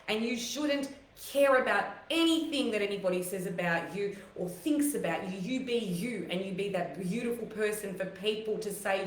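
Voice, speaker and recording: A woman hosting a live online talk, emotional and close to tears, giving heartfelt, rambling encouragement with many fillers in a voice rougher and deeper than her usual. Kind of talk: live-stream motivational talk to viewers. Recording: echoey room.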